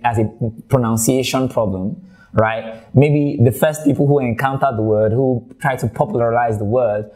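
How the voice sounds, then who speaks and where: A man's voice: medium pitch, a little mellow. A man with a Nigerian accent teaching exam speaking skills in a conversational way, often repeating words as he thinks. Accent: Nigerian English. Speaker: IELTS tutor. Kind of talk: online teaching video.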